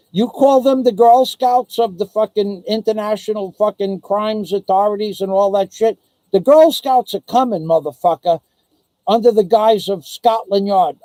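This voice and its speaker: Man, angry profane rant, high-pitched for a man, dry close sound, taunting. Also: mellow, no room sound, rough recording. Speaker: vlogger. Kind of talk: angry ranting live stream. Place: living in the Philippines.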